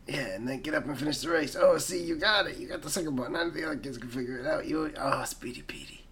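A man co-hosting a comedy podcast, rambling through deadpan, absurd improvised jokes. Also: a little high, fast. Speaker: podcast co-host.

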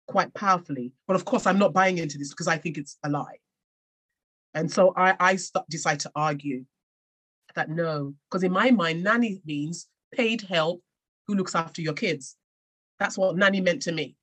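An English author from England, appearing as a podcast guest, tells her own story earnestly and reflectively, often restarting her sentences. Her voice is on the low side and a bit bright with a breathy edge, at a moderate pace.

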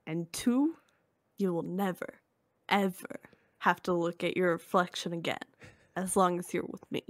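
A woman putting on an unhinged male mob villain who speaks his threat in a quiet, menacing hush. The delivery is unhurried and dry, with little room sound around it. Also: fairly low pitch, steady tone, no room sound, pitched below the performer's own voice, close to an everyday voice. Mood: quiet menace.

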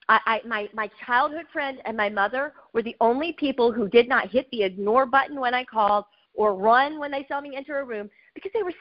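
High-voiced animated woman preaching. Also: dull audio. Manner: emotional, animated testimony with quick asides. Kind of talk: sermon.

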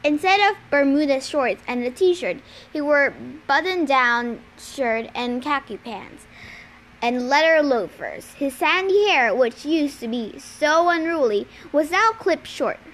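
A woman reading a novel aloud in a steady, deliberate storytelling manner. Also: high-pitched, rough recording. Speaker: reader. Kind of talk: audiobook-style reading of a novel.

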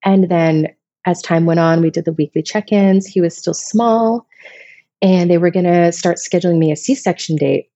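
A woman's voice: lowish voice, moderate pace, mellow, no echo, lo-fi sound. A woman in her thirties from Vermont, telling personal stories in a casual, emotional, rambling way as a podcast guest. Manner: emotional, rambling, many restarts.

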